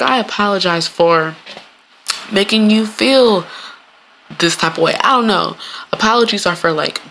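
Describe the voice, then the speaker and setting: A podcast host in a casual solo monologue, animated and swearing freely, often laughing and acting out quoted lines in playful voices. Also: medium pitch, gravelly, a little hiss or hum.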